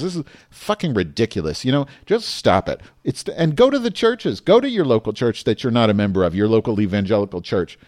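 Recorded with no room sound and clean studio quality, the man's slightly mellow, mid-range voice carries a profane, emphatic tirade on his podcast. Afterward he shifts into casual show talk.

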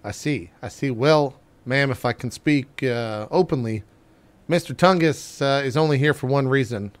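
Smooth-voiced man playing in character. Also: mid-range voice, moderate pace. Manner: mock-formal, smooth in-character talk. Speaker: player. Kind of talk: in-character tabletop role-play.

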